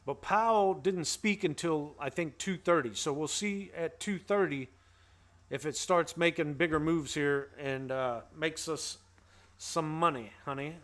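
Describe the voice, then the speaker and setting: This is a man with a fairly high voice who hosts a casual trading livestream. He keeps an upbeat, playful tone and drops slangy banter and rhymes as he greets viewers by name. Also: measured pace, fairly bright tone. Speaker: host.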